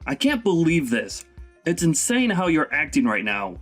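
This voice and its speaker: A man's voice: a little high, wildly swooping pitch, normal speed, faint music behind. A man voicing a young adult son who scolds his mother in a stern, indignant way. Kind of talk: animated story voice acting.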